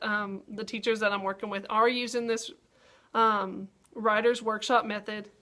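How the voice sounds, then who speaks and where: A young woman with a slightly high voice talks through a writing lesson like a teacher in front of a class. She keeps checking in with "okay?", breaks things into small steps, and uses plenty of "um" along the way. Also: a bit bright. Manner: upbeat classroom talk with frequent "okay?" checks. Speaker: teacher trainer.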